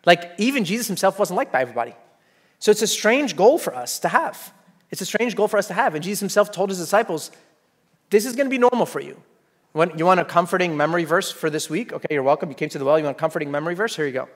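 A man preaching a sermon, animated, acting out the voices he quotes and often checking in with "okay?". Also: high voice, rapid-fire.

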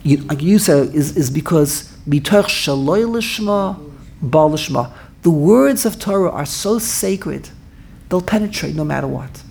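A man teaching a Torah class in an animated way, often repeating himself and restarting his sentences. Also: a little high, a little slow, vocal fry, a little hiss or hum. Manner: animated, repetitive, stumbles and restarts mid-sentence.

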